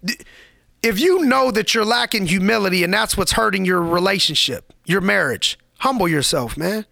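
A man's voice: high-pitched, expressive, moderate pace, vocal fry, bright, forceful tone, no room sound, studio quality. A man giving a motivational podcast monologue, preachy and emphatic, repeating lines for effect in casual street slang.

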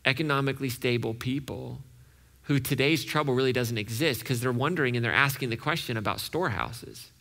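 A man preaching a sermon as pastor, animated and acting out the voices he quotes. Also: mid-range voice, fairly quick, gravelly.

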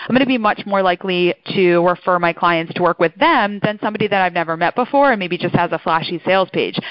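Lively woman with a mid-Atlantic accent. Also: no echo, highs cut off. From outside Philadelphia. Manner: high energy, quick and animated. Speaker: podcast guest. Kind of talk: casual interview chat.

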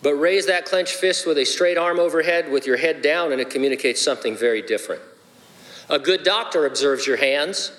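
A man's voice: a little high, brisk, a bit bright. A man, a pastor, preaching a sermon with playful, joking asides. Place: church sanctuary. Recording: long hall reverb.

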